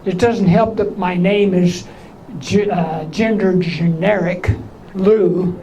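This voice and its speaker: A man with a weak, high voice after surgery doing slow stand-up. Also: steady tone, a crowd in the background, rough recording. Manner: teasing banter with the audience, full of innuendo. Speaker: stand-up comedian. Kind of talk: live stand-up comedy. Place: small theater stage. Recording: live show with audience laughter.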